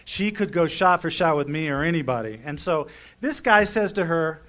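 A man's voice: fairly high pitch, animated, moderate pace, fairly bright tone. A middle-aged man telling his personal story to a recovery meeting audience, in a wry, conversational way.

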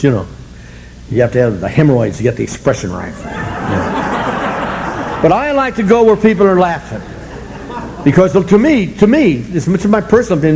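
A man's voice: fairly high pitch, darkish tone, a little hiss or hum, low-quality recording. Wry, joking man telling his recovery story. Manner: wry, self-mocking humor, chuckling often; blunt, colorful language. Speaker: recovery meeting speaker. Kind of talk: storytelling talk to an audience.

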